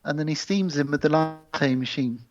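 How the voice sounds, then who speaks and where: A man co-hosting a casual podcast, retelling a film plot with quick acted voices and casual swearing. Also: a little high, soft background music. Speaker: podcast co-host. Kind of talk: casual film review chat. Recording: slightly dull, lo-fi podcast audio.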